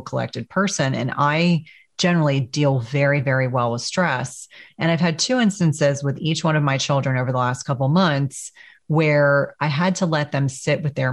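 Middle aged lady hosting a podcast, calm and thoughtful, measured talk. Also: extremely low pitch. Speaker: podcast host. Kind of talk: conversational interview.

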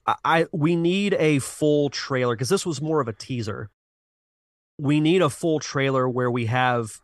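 A man's voice: mid-range voice, fairly bright tone, no room sound, clean studio sound. A man co-hosting a podcast, chatting casually and earnestly about games and movies, often restarting his sentences as he reasons aloud. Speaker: podcast co-host.

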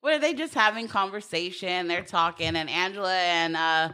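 Animated, bright-voiced woman recapping gossip. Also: fairly low pitch, normal speed, clean tone. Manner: animated storytelling, acts out quotes, laughs often. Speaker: co-host recapping a TV show. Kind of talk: casual chat.

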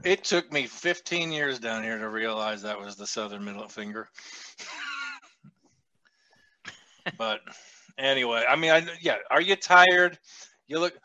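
A man hosting a casual podcast, profane and animated, who laughs often and acts out the people he quotes. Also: mid-range voice, measured pace, long pauses, no echo, highs cut off. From a big US city. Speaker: podcast host.

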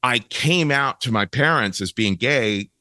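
A man's voice: mid-range voice, expressive, a little slow, bright, forceful tone, dry recording, clean studio sound. A middle-aged man from Ohio, a guest telling stories animatedly in a casual interview and laughing often. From Cincinnati, Ohio, USA.

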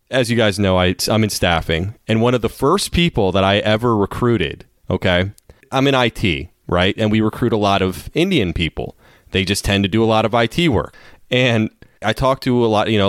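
A man's voice: on the low side, normal speed, no room sound, studio quality. A man co-hosting a casual sports podcast, rambling through stories and laughing often. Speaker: podcast co-host.

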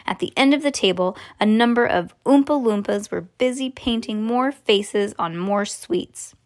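A woman's voice: a little high, measured pace. A woman reading a children's book aloud to her young child, with a friendly, playful, chatty manner. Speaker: parent reading a bedtime story.

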